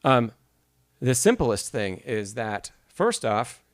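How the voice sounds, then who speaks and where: A man's voice: medium pitch, big pitch swings, slow, no echo. A man leads a live-streamed piano masterclass in a mid-range voice. He explains notation step by step, reads questions from the chat and answers them, and sings rhythms aloud to show a point. The sound is close and dry, with no room around it. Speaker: piano teacher.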